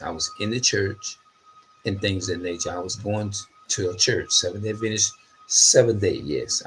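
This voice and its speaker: A man's voice: fairly low pitch, a little hiss or hum, low-quality recording. A middle-aged man tells a rambling, profane story in a casual monologue. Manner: animated, profane, loosely phrased storytelling.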